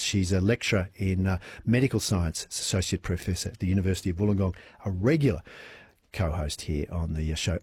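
A man's voice: lowish voice, darkish tone, husky, no room sound. A man hosting a live radio call-in show, genial and jokey, reading out listener questions. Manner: genial, jokey, reads listener texts aloud. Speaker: radio talkback host.

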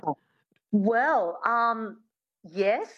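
A woman's voice: a little high, expressive, drawn-out words, a bit bright, lo-fi sound. A woman accent coach speaking as a radio guest, enthusiastic and agreeable. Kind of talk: radio interview.

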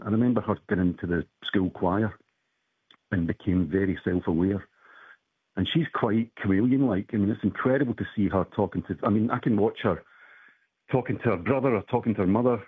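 A man's voice: on the low side, slightly rough, no room sound. Glaswegian man on a phone line. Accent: Glaswegian Scottish. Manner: relaxed, hesitant with many ums. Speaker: caller. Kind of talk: casual chat.

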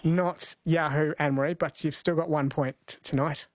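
A man's voice: fairly high pitch, steady tone, normal speed, no room sound. A man hosting a late-night radio quiz in a friendly, chatty way, laughing easily.

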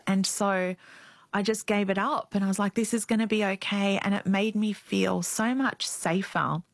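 A middle-aged woman, an interview guest, telling a deeply personal story in an earnest, reflective way. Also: dry recording. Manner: reflective, earnest, speeds up and slows down.

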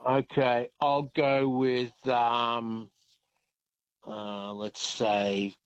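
A man calling a radio quiz, slow and hesitant as he mulls his answer. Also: medium pitch, level tone, dry recording, highs cut off. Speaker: radio caller.

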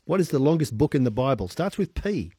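A man's voice: mid-range voice, big pitch swings, a little fast, warm tone, husky, no room sound. A man hosting a radio phone-in quiz, chatty and upbeat, laughing easily with callers. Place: radio studio.

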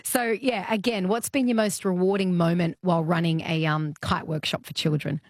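A woman's voice: lowish voice, fairly even intonation, normal speed, dry recording, clean studio sound. A woman hosting a radio show, asking questions in a friendly, encouraging way. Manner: friendly, encouraging, gives brief backchannel. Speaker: radio host. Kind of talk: radio interview. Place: radio studio.

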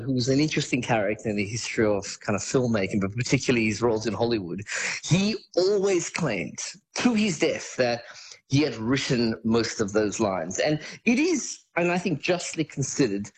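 Husky, enthusiastic male film pundit. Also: medium pitch, poor audio. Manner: enthusiastic, rambling, many restarts. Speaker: film commentator. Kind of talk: radio discussion.

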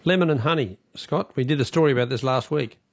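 Australian male radio host, gravelly mid-range voice, brisk chatty talkback manner. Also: medium pitch. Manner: brisk, chatty, reads out the phone number.

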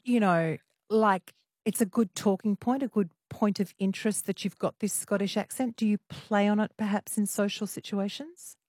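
A woman's voice: mid-range voice, fairly even intonation, normal speed, a little mellow, no room sound. Woman, radio host, chatty and playful, dry studio sound. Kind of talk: talkback radio hosting.

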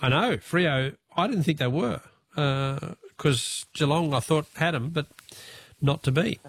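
Jovial Australian man with a gravelly voice. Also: fairly high pitch. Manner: jovial, chatty, quick to laugh. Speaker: radio quiz host. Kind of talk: talkback radio chat.

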